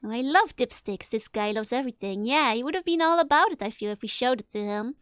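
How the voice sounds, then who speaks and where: A woman VTuber giving casual let's-play commentary, chatty and quick to laugh. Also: fairly high pitch, lively intonation, a bit bright, clear, resonant tone, no echo. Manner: giggly and chatty, with frequent laughs. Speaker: VTuber streamer.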